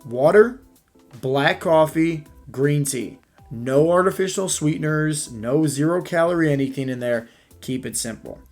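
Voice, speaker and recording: A man's voice: on the high side, measured pace, faint music behind. A man coaching his listeners on a podcast, voice sitting a bit above the usual male range. He talks emphatically, pressing his points home. He keeps checking in with "right?" and "okay?". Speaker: fitness coach. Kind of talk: podcast monologue.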